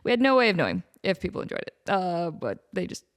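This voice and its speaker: A woman's voice: lowish voice, huge pitch swings, quick pace. A woman in her thirties hosting her own podcast, talking casually with frequent laughs and fillers. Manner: chatty, laughing, lots of fillers. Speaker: podcast host. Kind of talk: casual chat.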